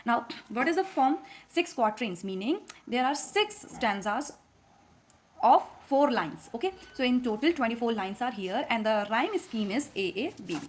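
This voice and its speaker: A woman teacher with an Indian English accent, lecturing with a slightly raised pitch while nursing a cold. She explains patiently in small steps, peppering her talk with fillers and quick checks for understanding. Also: animated, slight background noise. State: has a cold. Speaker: literature teacher. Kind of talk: classroom lecture.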